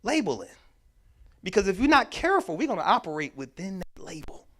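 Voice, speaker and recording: His voice is high-pitched and brisk as he leads a mental health workshop talk in a church. Animated and emphatic, the workshop speaker performs the dialogue of characters in his stories and keeps returning to key words.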